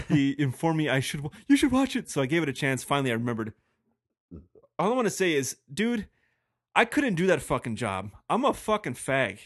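A man's voice: fairly high pitch, sing-song, normal speed, pauses often, fairly bright tone, no echo, clean studio sound. A man co-hosting a casual podcast, joking and teasing with lots of swearing. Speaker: podcast co-host. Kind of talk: casual chat.

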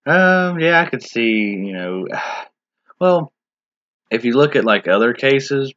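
A man's voice: mid-range voice, lively intonation, slow, fairly bright tone, no echo, lo-fi sound. A man in a casual discussion, talking in a rambling, hesitant way with many restarts and filler words.

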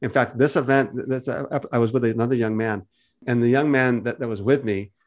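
Animated storytelling man, mid pitch. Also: brisk. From United States. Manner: animated storyteller, acts out quoted voices with big pitch jumps. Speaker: podcast co-host. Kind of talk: casual storytelling conversation.

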